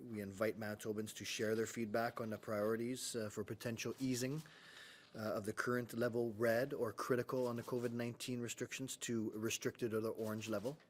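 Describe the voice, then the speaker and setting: A man's voice: fairly low pitch, little pitch movement, fairly quick, slight background noise. A man, a public health official, giving a matter-of-fact press briefing update with frequent "uh" fillers. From Canada.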